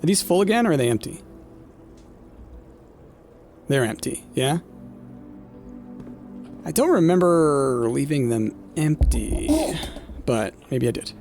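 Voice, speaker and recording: A man's voice: medium pitch, expressive, slow, long pauses, a little mellow, soft background music. A man casually commenting on his gameplay, thinking aloud with lots of fillers and talking to his chat. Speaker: gameplay streamer. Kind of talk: casual let's-play commentary.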